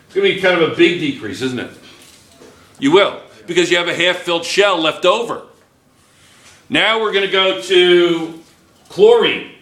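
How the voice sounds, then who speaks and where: A man's voice: sits high, moderate pace, pauses often, a bit bright. A man teaching chemistry to a class, playful and joking, firing questions at his students. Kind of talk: classroom lecture. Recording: echoey classroom.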